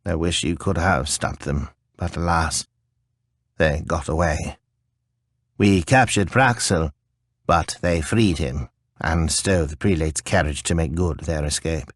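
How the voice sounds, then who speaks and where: A man reading an audiobook, voicing a kindly, stooped old male priest who talks in a slurred, creaky, gentle way. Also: a bass voice, a little slow, no room sound, clean studio sound. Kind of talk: audiobook character voice.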